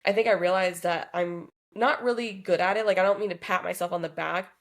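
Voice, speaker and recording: Chatty woman podcast co-host, lowish voice. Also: fairly even intonation, a little fast, creaky. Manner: chatty, thinks aloud with many fillers. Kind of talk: casual chat.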